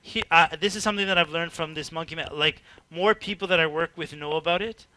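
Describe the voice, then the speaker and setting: A man giving an informal teaching talk to a group, animated and chatty, acting out little dialogues and laughing between filler-heavy sentences. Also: a little high, fast talker, a little hiss or hum. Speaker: workshop speaker.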